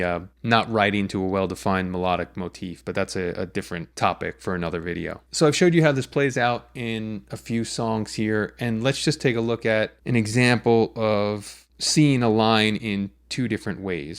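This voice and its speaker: A man explaining lyric writing in a patient, methodical lesson, walking through examples step by step. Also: lowish voice. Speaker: songwriting teacher.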